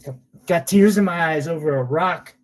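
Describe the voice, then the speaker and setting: A man's voice: a little high, moderate pace. Chatty man selling gems on a stream. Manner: chatty and sentimental, with loose fillers. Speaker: gemstone seller on a live sale stream. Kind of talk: casual live sales chat.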